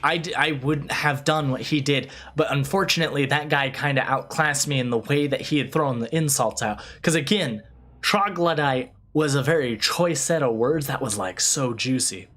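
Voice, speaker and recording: A man streaming a video game, ranting in a loose, animated way, swearing freely and often restarting his sentences. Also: medium pitch, normal speed. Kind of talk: casual livestream chat over gameplay.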